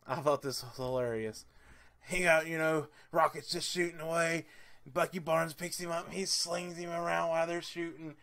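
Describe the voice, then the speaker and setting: A man's voice: on the high side, moderate pace. A man giving a casual movie review vlog, enthusiastic and rambling, with lots of "uh"s and "I mean"s. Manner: excitable and laughs easily.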